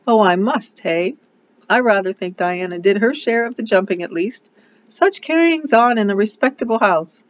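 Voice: mid-range voice, lively intonation, moderate pace, highs cut off, pitched above the performer's own voice, natural voice. A reader voicing a grim, rigid rich old lady who speaks sharply and severely.

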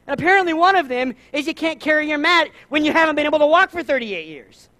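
A man with a Southern US accent preaching a sermon, lively, acting out the people in his stories. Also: very high-pitched, quick pace, hardly any pauses. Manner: animated, acts out voices in his stories. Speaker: pastor.

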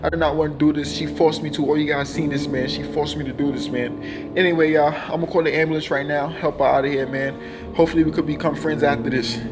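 Young male comic vlogger, fairly high voice, over-the-top skit delivery, music bed underneath. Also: steady tone, fast. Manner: loud, dramatic, swings between pleading and yelling. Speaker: comedy vlogger. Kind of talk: comedy skit.

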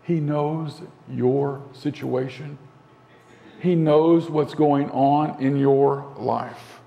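A male pastor delivering a sermon in an earnest way, slowing down and dropping to a soft voice for emphasis. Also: on the high side, steady tone, vocal fry, dull audio. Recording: long hall reverb.

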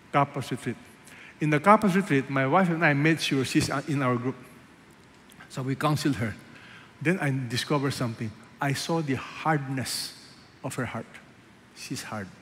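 A man preaching a sermon as a pastor, asking the congregation rhetorical questions and swinging between loud emphasis and hushed asides. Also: mid-range voice, moderate pace, pauses often, slight background noise. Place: large church hall. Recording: echoey church hall, faint ambience.

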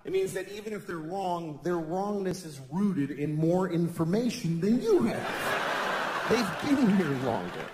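A man's voice: high-pitched, very noisy. A man doing stand-up comedy in a large theater, wry and reasoning, talking with the audience. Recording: echoey live theater with crowd.

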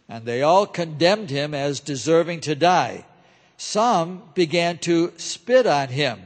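A man's voice: fairly high pitch, animated, measured pace. Solemn male reader in a church. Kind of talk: scripted scripture narration. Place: large church. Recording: echoey church hall.

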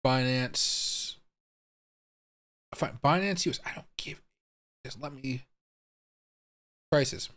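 Clicking around on his crypto live stream, this young host talks directly to viewers, puzzling things out aloud and cursing along the way. His medium-pitched voice is a bit bright, and he moves slowly, leaving long pauses in this casual streamed commentary.

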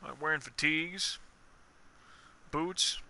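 The streamer's voice is on the high side yet gravelly, bright and forceful, delivered at a slow pace with a bit of hiss or hum. While game music plays, he chats casually through his live let's play, joking, swearing and reasoning out loud.

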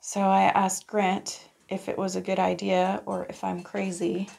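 A woman with a cold chatting through a renovation vlog, her voice stuffy and a little gravelly. She talks slowly and laughs easily. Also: mid-range voice, monotone, darkish tone. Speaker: vlogger renovating a house. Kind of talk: casual vlog chat.

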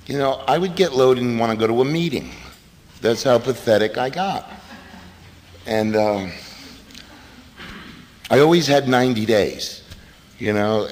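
Lively middle-aged man telling his story. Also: mid-range voice. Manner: animated storytelling with acted-out quotes and laughs. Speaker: recovery meeting speaker. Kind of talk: personal recovery talk at a meeting. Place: meeting hall. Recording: reverberant hall recording, faint noise.

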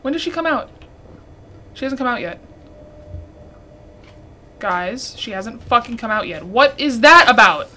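A woman's voice: fairly high pitch, lively intonation, unhurried, long pauses, sharp tone, a little hiss or hum. Frantic swearing young woman gamer. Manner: frantic, swearing, talking to viewers. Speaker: gaming streamer. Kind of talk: casual let's-play commentary.

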